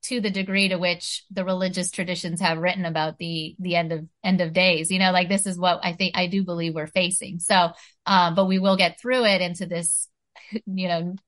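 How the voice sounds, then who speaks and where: A woman's voice: lowish voice, level tone, moderate pace, fairly bright tone. A woman talking earnestly in a casual spiritual chat, full of "you know" and "like".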